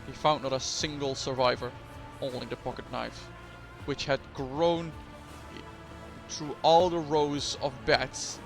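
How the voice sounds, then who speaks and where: A man's voice: medium pitch, steady tone, slow, vocal fry, music in the background. A man reading a grim veteran soldier. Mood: stern. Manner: stern, solemn. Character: grim stern male veteran soldier adviser.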